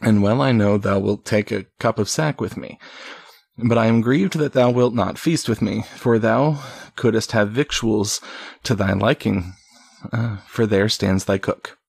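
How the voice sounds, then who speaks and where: A man reading the lines of an honorable outlaw leader in slow old-fashioned speech, with a husky voice. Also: lowish voice, steady tone, no echo, full character voice. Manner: slow archaic storybook delivery.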